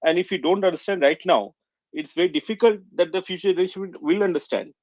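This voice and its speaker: Earnest Indian man, halting and emotional. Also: sits high, a little mellow, dry recording. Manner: earnest, halting with many restarts. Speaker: caller. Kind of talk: emotional call-in remarks. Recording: muffled dry online audio.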